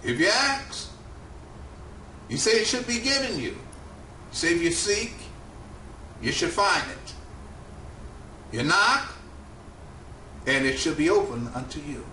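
This sermon comes from a man with a high, bright voice who preaches very animatedly yet slowly, his cadence climbing and falling for emphasis. The distant mic catches a roomy echo, faint ambience, and slight background noise.

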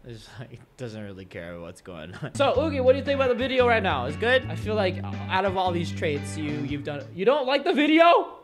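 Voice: mid-range voice, very animated, brisk, hardly any pauses, soft background music. A reaction video host at home, commentating casually on funny clips, laughing often and chatting to their own dogs.

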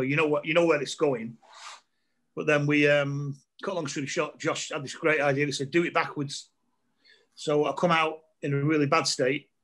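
Middle-aged man, comedian guest on a video call, fairly high voice, rambling and laughing anecdotes. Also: fairly bright tone. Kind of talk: casual storytelling chat over a video call.

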